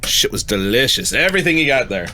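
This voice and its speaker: Podcast guy telling a story, swears casually, bouncy pitch all over. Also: big pitch swings, quick pace, pushed and bright, slight background noise. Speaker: podcast co-host. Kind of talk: casual chat.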